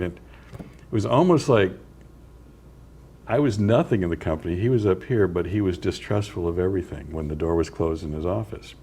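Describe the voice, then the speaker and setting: An older man, an author and interview guest, telling unhurried anecdotes with dry chuckles in a community TV studio. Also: low-pitched, mellow, slight background noise. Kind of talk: storytelling interview.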